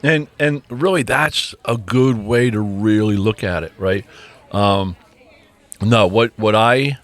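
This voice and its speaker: A man's voice: lowish voice, slow pace. A middle-aged man co-hosting a podcast in casual chat, rambling with restarts and frequent ums. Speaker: podcast co-host. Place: podcast studio.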